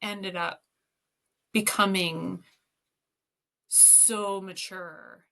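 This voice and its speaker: A woman with a gravelly, creaky edge to a mid-pitched voice shares stories as a podcast guest. She talks casually, full of "like" and "um", and breaks into laughter often. Her delivery is warm and animated, like an easygoing interview. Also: very slow. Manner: animated anecdotes with frequent laughter and fillers. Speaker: educator and guest.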